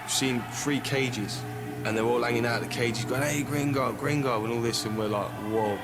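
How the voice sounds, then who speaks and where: A man's voice: medium pitch, steady tone, a little fast. A man giving a blunt, matter-of-fact documentary interview. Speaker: interviewee recounting arrest abroad. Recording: documentary interview under loud music.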